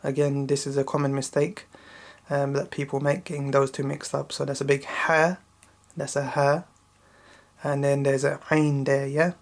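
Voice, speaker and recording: A man teaching children to recite a Quran chapter, explaining letter sounds slowly and often checking in with "yeah?". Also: completely flat delivery. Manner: slow, repetitive explaining with frequent checking "yeah?"; intones Arabic verses louder and higher when reciting. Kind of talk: patient recitation lesson for children.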